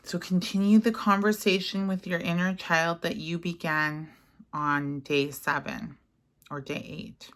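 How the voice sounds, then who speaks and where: A woman leading a guided mirror-work lesson, speaking gentle, soothing affirmations. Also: fairly low pitch, little pitch movement, measured pace. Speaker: self-help guide.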